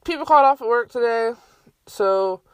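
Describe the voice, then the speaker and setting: A young adult woman hosts her own podcast from a bedroom at home, delivering a casual, heated rant that's profane and exasperated. Her voice sits on the high side and is expressive, with a moderate pace and a clean tone free of room sound.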